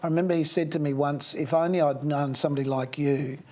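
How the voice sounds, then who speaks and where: A man's voice: on the high side, steady tone, quick pace, a little mellow. An older man hosting an interview, reminiscing and asking rambling questions. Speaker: host. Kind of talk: casual interview.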